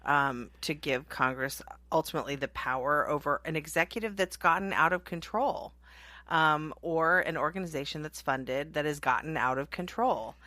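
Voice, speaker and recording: Bright-voiced, wry radio co-host woman. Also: low-pitched, no echo. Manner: wry, quick, joking. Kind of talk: morning talk radio banter. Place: radio studio. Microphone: studio microphone.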